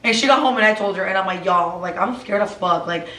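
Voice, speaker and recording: A woman telling a scary personal story in casual chat, lively and mixing English with Spanish. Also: mid-range voice, fast. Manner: animated, switches between English and Spanish. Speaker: co-host. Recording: roomy, recorded from a distance.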